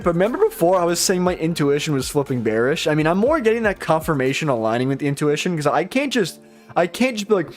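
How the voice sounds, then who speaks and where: A man's voice: fairly high pitch, sing-song, quick pace, soft background music. A young man trading on a live stream, rambling casually, swearing often, and poking fun at himself. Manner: rambling, profane, self-deprecating. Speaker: live-stream futures trader.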